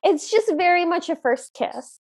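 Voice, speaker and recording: Woman podcast co-host, high voice, eager casual scene recaps. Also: expressive, measured pace, a little mellow. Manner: enthusiastic, retells scenes with quoted lines. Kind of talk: casual film recap chat.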